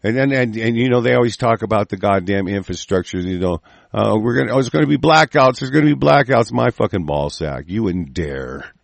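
A man's voice: fairly low pitch, expressive, a little fast, gravelly, dry recording. A man hosting a talk show, ranting angrily with constant swearing and rambling restarts. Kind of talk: profane political rant.

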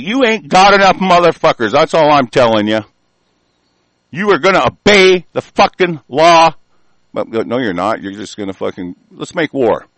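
A man from the United States delivering an angry, profane political rant, swinging from loud outbursts to low muttering. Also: no echo, rough recording.

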